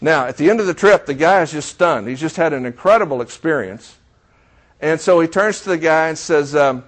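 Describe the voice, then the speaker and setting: In a fairly high, fairly quick voice, a middle-aged man preaches a sermon, illustrating it with a story. He voices the quoted dialogue and asks the congregation questions.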